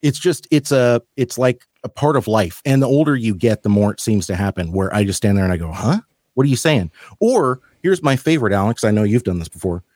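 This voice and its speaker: A man chatting on a podcast, telling wry stories in an easy, relaxed way. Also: on the low side, brisk, few pauses, no echo, clean studio sound. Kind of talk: casual chat.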